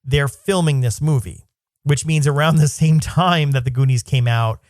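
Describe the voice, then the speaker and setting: A man's voice: a little high, moderate pace, darkish tone, no echo, clean studio sound. A man co-hosting a podcast in casual chat, thoughtful and rambling as he thinks aloud. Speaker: podcast co-host.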